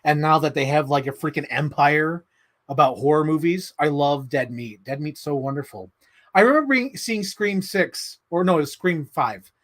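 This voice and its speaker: A man hosting a casual livestream, answering chat in an animated, excitable way with many fillers. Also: fairly high pitch, moderate pace. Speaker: livestream host reading chat.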